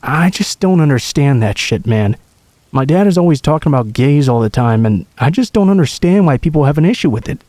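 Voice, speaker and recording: An earnest young country guy who is steady and protective, speaking in a reassuring way with a mellow, low-key tone. It's a man putting him on in a plain storybook reading. The sound is close and dry. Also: a little fast, no room sound, lightly acted.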